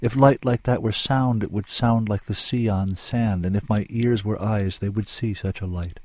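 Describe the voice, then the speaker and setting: A man with a low, grounded voice narrates a dramatic story. His reading is intense and lyrical, with a sombre weight behind it. The recording is dry and close. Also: fairly even intonation, moderate pace, a little mellow, no echo.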